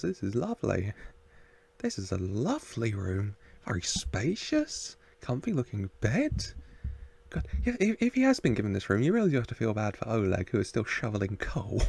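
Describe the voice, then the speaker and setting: A man's voice: mid-range voice, sing-song, moderate pace, vocal fry, a little mellow, breathy edge, no echo. A man casually reacting to a TV episode, chatting, laughing and muttering asides to the screen. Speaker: reaction video host.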